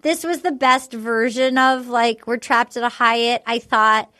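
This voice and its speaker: A woman's voice: a little high, steady tone, measured pace, sharp tone, no echo, studio quality. A woman co-hosting a podcast, chatting in a gushing way and recapping a dating show with lots of "like"s. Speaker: podcast co-host.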